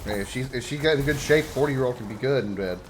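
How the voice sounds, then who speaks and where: A man's voice: mid-range voice, fast talker, a little hiss or hum. A man livestreaming a video game, chatting casually and joking with his viewers and friends. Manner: laid-back, joking banter with chat and friends. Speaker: game streamer.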